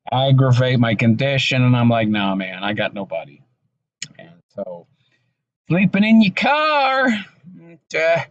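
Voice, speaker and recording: An exhausted man recording a personal vlog monologue, talking in a halting, subdued way with many restarts. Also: medium pitch, no room sound, highs cut off. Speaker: vlogger. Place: in his car.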